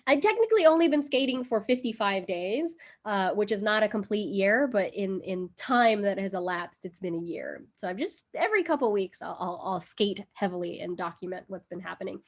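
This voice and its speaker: A woman's voice: medium pitch, lively intonation, a little fast, hardly any pauses. A woman hosting a casual live cooking stream from home, chatty and giggly with lots of fillers. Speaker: livestream cooking host. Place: home in Brooklyn.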